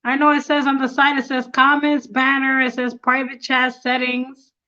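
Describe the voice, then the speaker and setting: A woman hosting a casual live stream, excitable and quick to laugh, flustered as she works out the tech on her tablet. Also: high voice, muffled recording. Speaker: livestream host.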